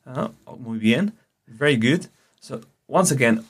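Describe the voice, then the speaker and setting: A man with a Spanish accent, a native Spanish speaker teaching a radio language lesson, patient and slow, repeating phrases for the learner. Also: mid-range voice, lively intonation, husky.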